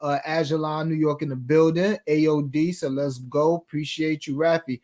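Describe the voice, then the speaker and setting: A man's voice: fairly high pitch, little pitch movement, normal speed, darkish tone. A man hosting a sports betting talk show, chatting casually in slang and reading viewer comments aloud.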